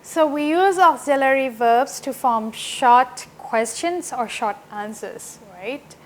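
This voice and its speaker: A woman teaching an English grammar lesson, explaining slowly and often checking with "right?". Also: high voice, animated, a little hiss or hum.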